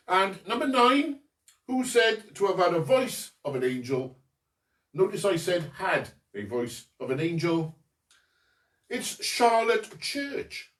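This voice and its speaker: A man's voice: high-pitched, sing-song, takes it slowly, fairly bright tone. A man hosting a home quiz, reading each question and giving the answer himself with jokey asides. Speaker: quiz host. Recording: echoey room, distant mic.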